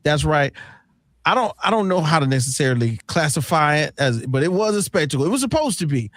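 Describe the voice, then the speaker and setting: A man hosting a sports radio show, talking in energetic slang and shouting out his guests. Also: on the high side, a little fast, dry recording.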